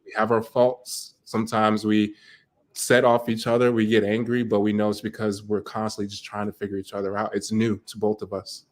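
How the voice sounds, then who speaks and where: A man's voice: on the low side, completely flat delivery, fairly quick. A man speaking as a guest on a talk show, earnest and heartfelt about his own life. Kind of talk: personal conversation.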